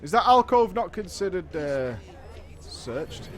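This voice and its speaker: A man's voice: high voice, sing-song, slow pace, soft background music. A man casually commenting while playing a video game, joking and reading things aloud. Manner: chatty, jokey, reads in-game text aloud in a mock dramatic voice. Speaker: game streamer. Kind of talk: casual let's-play commentary.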